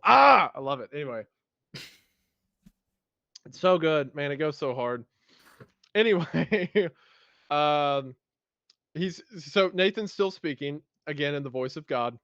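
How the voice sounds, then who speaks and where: A fervent, emotional man hosts a casual podcast, pitched a bit high and often reading scripture aloud with feeling. The sound is dry and close, yet dull and lo-fi. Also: expressive, measured pace, pauses often, fairly bright tone, dry recording. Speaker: podcast host.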